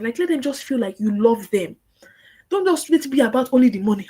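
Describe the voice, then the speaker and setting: Woman, online instructor, animated, acts out dialogues, fairly high voice. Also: a little fast, husky. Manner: animated, acts out client dialogues, repeats for emphasis. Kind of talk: lively teaching talk.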